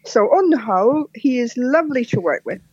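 A woman from Scotland with a soft, posh Scottish accent, chatting as a podcast guest, laughing often and telling jokes. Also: a little high, sing-song, a little fast, husky, no echo, lo-fi sound. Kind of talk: casual interview chat.

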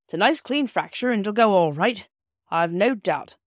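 A woman reading aloud, voicing a brisk, hearty country doctor. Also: mid-range voice, expressive, no echo, clean studio sound, natural voice. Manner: hearty then stern.

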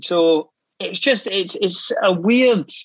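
A Scottish man in his thirties, an actor guest telling animated, sweary anecdotes with laughing asides in casual chat. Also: high-pitched, slow, breathy edge, no room sound, rough recording. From Scotland.

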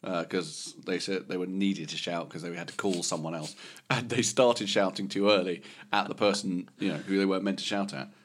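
A middle-aged man from London with a fairly low voice co-hosts a podcast. He chats in a jokey, rambling way and laughs easily. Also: steady tone, normal speed, hardly any pauses, slight background noise. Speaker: podcast co-host. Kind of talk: casual chat.

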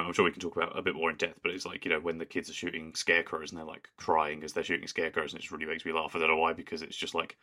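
A man's voice: sits low, fairly bright tone. A man co-hosting a podcast in casual chat, rambling and amused, often laughing. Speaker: podcast co-host.

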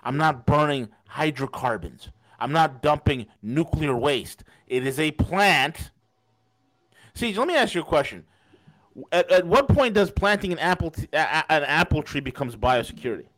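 A man's voice: on the high side, animated, normal speed, a bit bright. A man hosting a political podcast, ranting angrily with profanity and repeating himself. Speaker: podcast host. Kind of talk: angry political monologue.

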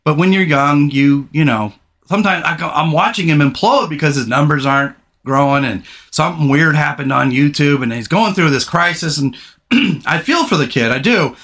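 A middle-aged man hosting a podcast in casual chat, rambling, candid and quick to swear. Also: fairly high pitch, a bit bright. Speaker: podcast host.

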